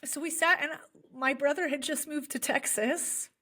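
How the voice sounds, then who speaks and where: In an earnest podcast conversation, a young adult woman, a special ed teacher, tells heartfelt stories sprinkled with frequent fillers. She speaks at normal speed in a high, sharp voice with fairly even intonation.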